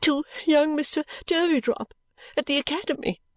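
Woman reader doing a tearful young woman, high sobbing pleas, dry sound. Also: normal speed, dry recording. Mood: tearful pleading.

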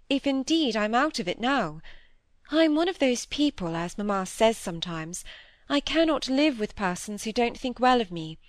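A woman's voice: a little high, no room sound, lightly acted. A woman reading the part of a proud, troubled young woman who speaks heavily and resolutely. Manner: heavy, resolute.

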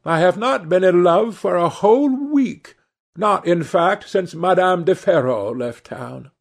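A charming, lightly teasing young gentleman, voiced by a man reading a novel aloud. The voice is raised well above the reader's own and moves lively, with a gravelly grain. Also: high voice, unhurried, pitched above the performer's own voice, exaggerated voice. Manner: light, murmuring.

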